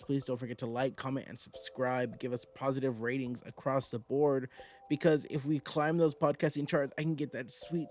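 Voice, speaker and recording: A man's voice: medium pitch, darkish tone. A man delivering a podcast introduction in a wry, tongue-in-cheek way. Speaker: podcast host.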